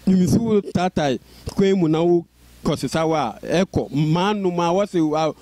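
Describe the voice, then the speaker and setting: Speaking with a stutter, an interview guest tells the story of his life, repeating sounds and words and starting over. His voice is fairly high and mellow at a moderate pace, with no room sound.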